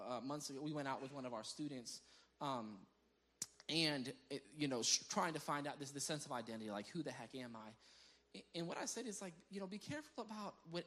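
Animated bright-voiced male pastor. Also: a little high. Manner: animated storyteller who breaks into laughter; repeats words as he restarts phrases. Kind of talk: conversational sermon.

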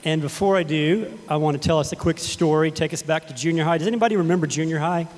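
Casual preacher from Texas, middle-aged man, slightly high voice, in a long reverberant sanctuary. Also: fast, a little mellow, slight background noise. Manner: casual, conversational, addresses the congregation directly. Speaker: pastor. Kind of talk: sermon with storytelling. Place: church sanctuary.

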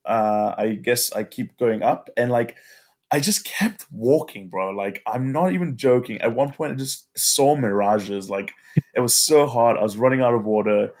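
A young man telling friends a wild hiking story in casual chat, animated, swearing often and saying "bro" and "like". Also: mid-range voice, moderate pace.

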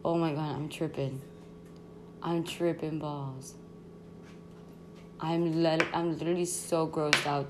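Slangy, excitable young woman storyteller. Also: deep voice, background noise. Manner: rambling, slangy, excitable, full of fillers. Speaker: podcast host. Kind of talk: casual storytime chat.

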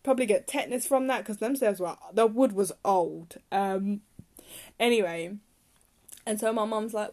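A woman's voice: medium pitch, normal speed, a little mellow. Chatty woman, rambling rants. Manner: rambling, chatty, heated when ranting. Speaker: podcast host. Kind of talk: casual solo chat.

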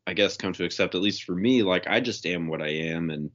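A man talking as a guest in a casual spiritual conversation, relaxed, with lots of "you know" and "um". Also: low voice, fairly quick. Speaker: podcast guest. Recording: dull lo-fi sound.

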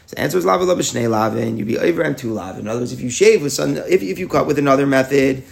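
Fast, gravelly Talmud teacher. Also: male voice, mid-range voice, animated. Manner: explains aloud with rhetorical questions, mixes Hebrew and Yiddish terms. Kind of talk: daily Talmud class lecture.

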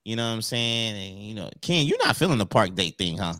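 A man's voice: lowish voice, big pitch swings, fairly quick, pushed and bright, dry recording, studio quality. A married man co-hosting a casual podcast chat, telling laid-back stories with slang. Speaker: podcast co-host.

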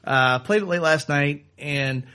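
A man's voice: fairly high pitch, sharp tone, clean tone. Upbeat man chatting about games. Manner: talks fast in bursts, many fillers. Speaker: podcast co-host. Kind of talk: casual chat.

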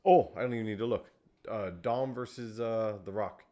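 A man co-hosting a movie review podcast, easygoing and chatty, often agreeing with quick yeahs. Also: fairly low pitch, dark tone, slight background noise. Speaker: podcast co-host. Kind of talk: casual movie review chat.

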